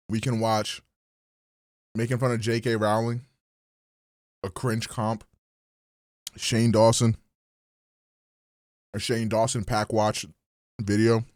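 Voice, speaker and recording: A man's voice: medium pitch, no room sound, clean studio sound. A man streaming live, chatting casually and crudely with his chat. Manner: crude, joking, talks to chat.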